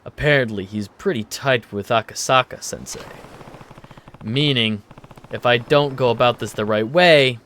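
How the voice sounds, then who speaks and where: A man voicing a stern, gruff middle-aged man who speaks in a low, hushed, serious way. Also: normal speed, slight background noise, lightly acted.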